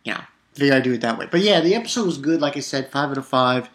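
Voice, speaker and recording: A man's voice: medium pitch, expressive, quick pace, a bit bright. A young man casually recapping a cartoon episode, rambling and swearing, with lots of fillers and restarts. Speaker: anime episode reviewer.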